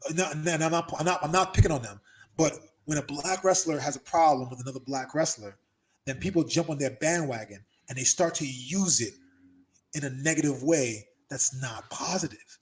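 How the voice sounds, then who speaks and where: A middle-aged man talks through a relaxed podcast conversation with a voice pitched a bit high for a man. He tells stories with lots of energy and loudly acts out what other people said. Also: brisk. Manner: animated storyteller, acts out quotes loudly. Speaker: podcast host. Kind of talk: casual chat. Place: Los Angeles.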